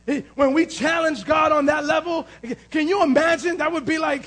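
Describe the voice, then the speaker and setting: A man preaching a sermon to a congregation as pastor, shouting his points with emphasis, asking "Amen?", and making wry sarcastic asides. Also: very high voice, fairly even intonation, normal speed. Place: church before a congregation.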